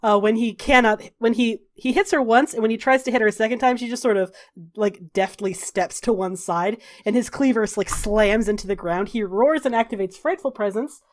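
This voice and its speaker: A woman running a tabletop game as game master, narrating and calling the rules briskly with offhand fillers. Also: on the high side.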